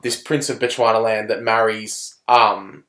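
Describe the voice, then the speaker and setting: A man co-hosting a casual film review podcast, animated and swearing, often mocking characters in put-on voices. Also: lowish voice, measured pace, echoey room. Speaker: podcast co-host.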